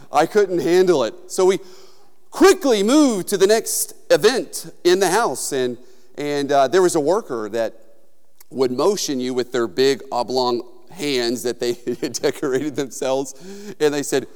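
Male pastor, conversational sermon delivery, smooth tone, reverberant sanctuary. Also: on the high side, expressive, measured pace, a little mellow. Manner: conversational, storytelling, with frequent fillers.

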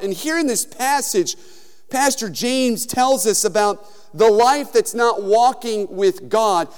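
Male pastor, conversational sermon delivery, smooth tone, reverberant sanctuary. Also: high voice. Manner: conversational, storytelling, with frequent fillers.

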